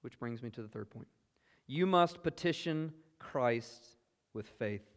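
A man with a Southern US accent preaching a sermon, earnest and emphatic, moving between loud exclamations and hushed asides. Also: mid-range voice, expressive, a little slow. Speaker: pastor. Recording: long hall reverb.

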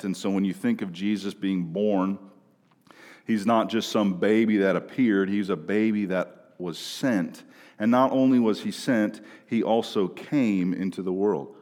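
Pastor guy preaching slow, kinda emphatic, goes quiet then loud, big church echo. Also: lowish voice. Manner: emphatic preaching, swings between hushed and raised. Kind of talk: sermon. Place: church sanctuary. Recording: church hall reverb.

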